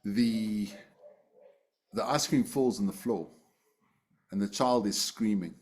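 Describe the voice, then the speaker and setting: A man teaching an online Buddhist class over a video call, talking in a relaxed, conversational way with fillers and restarts. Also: fairly low pitch, slow, pauses often, slightly rough.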